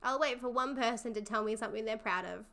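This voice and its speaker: Young woman streamer, bright high voice, unhurried, gushing and supportive toward her chat. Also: vocal fry. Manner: effusive and encouraging, laughs often. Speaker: livestream host. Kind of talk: casual live chat with viewers.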